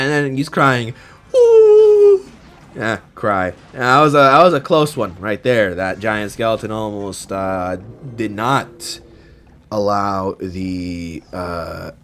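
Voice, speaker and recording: A young man talks loosely over his own gameplay, drifting from joke to joke. His voice sits on the low side yet swings widely in pitch, and he breaks into sudden loud yells. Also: slight background noise. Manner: rambling, joking, bursts into loud yells. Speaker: gaming channel host. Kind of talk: casual gameplay commentary.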